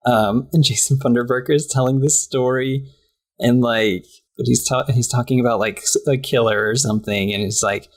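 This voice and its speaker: A woman's voice: a bass voice, steady tone, normal speed. A woman co-hosting a casual podcast, chatting through a cartoon episode and acting out the characters' lines with giggles. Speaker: podcast co-host. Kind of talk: casual chat recapping a cartoon.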